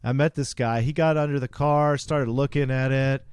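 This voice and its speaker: A podcast co-host tells a long story in casual conversation, playing both sides of the exchange himself. His mid-range voice is steady, smooth and a little mellow at a normal speed, captured in studio quality with no echo.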